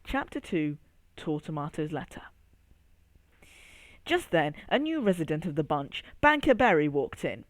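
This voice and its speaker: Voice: medium pitch, measured pace, long pauses, dry recording. A storyteller reading a children's story aloud, speaking straight to young listeners. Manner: addresses young listener, expressive.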